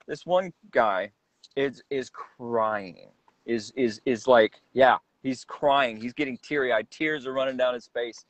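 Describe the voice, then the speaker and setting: A man guest telling stories in a casual interview, rambling and halting as he goes. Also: mid-range voice, no echo. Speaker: guest, celebrity impersonator. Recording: dull, dry lo-fi sound.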